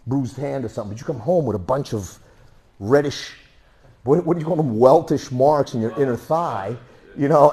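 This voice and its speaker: A man's voice: medium pitch, darkish tone. A man instructing a martial arts class through a worn mic, telling stories and punching out sound effects as he demonstrates moves. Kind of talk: teaching a class. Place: training room.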